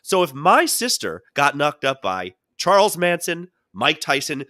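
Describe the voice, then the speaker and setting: A man co-hosting a podcast talks in a bright, forward voice that swings widely up and down as he tells his stories. He chats casually into a close mic in a dry room, and he jumps in and out of quoted voices as he goes. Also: a little high, measured pace, dry recording. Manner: animated storyteller who jumps into quoted voices. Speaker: podcast co-host.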